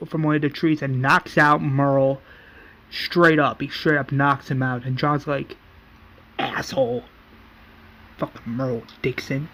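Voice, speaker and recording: A man's voice: mid-range voice, level tone, unhurried, pushed and bright, rough recording. A man casually retelling a story, stringing events together with many fillers.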